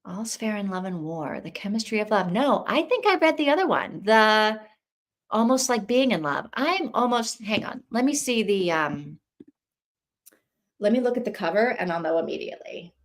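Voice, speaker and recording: A woman's voice: medium pitch, very animated, moderate pace. Chatty woman hosting a reading stream. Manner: chatty, thinks aloud, rambling with restarts. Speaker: host of a live reading stream. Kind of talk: casual livestream chat.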